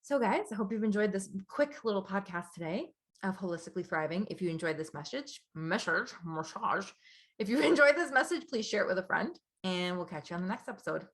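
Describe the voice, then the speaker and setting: A young woman talks through her solo podcast in a relaxed, chatty way. Her voice sits at an ordinary middle pitch but sounds bright and crisp. She laughs easily and fills pauses with little fillers as she goes. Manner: chatty and upbeat, laughs often, many fillers. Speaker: podcast host. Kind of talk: casual solo podcast talk.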